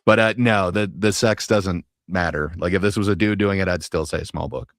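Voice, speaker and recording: A man's voice: deep voice, normal speed, a bit bright, no echo, clean studio sound. A man hosting a casual panel chat, talking hesitantly, with lots of fillers, and laughing easily. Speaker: panel host.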